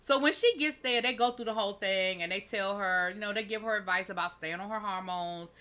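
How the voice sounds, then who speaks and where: A woman's voice: mid-range voice, fairly quick, bright, forceful tone, smooth. A woman recapping a TV episode in a chatty, sassy way, full of asides. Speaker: TV show reviewer.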